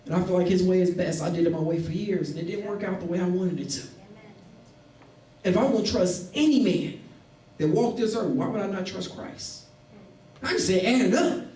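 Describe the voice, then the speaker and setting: Pastor guy preaching, pretty high voice, sounds far off in a big echoey room. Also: fairly quick. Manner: animated preaching, acting out voices of people in the story. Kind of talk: sermon. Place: church. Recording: echoey room, mic at a distance.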